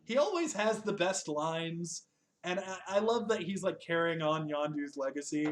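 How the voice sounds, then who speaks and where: Give me a young man with a fairly high voice hosting a loose, profane, laugh-filled chat. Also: lively intonation, moderate pace, slight background noise. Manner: profane, joking, laughs often. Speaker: podcast host. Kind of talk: casual chat reviewing a TV special.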